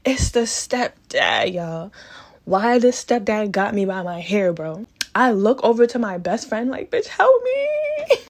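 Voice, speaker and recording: A woman's voice: mid-range voice, unhurried. A young woman telling a dramatic storytime in casual slang, acting out the quotes.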